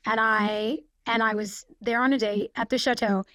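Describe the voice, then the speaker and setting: A woman's voice: a little high, steady tone, normal speed, a bit bright, dry recording. A woman in her forties, a guest actress on a podcast, telling stories in a chatty way with many fillers. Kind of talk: casual podcast conversation. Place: podcast studio.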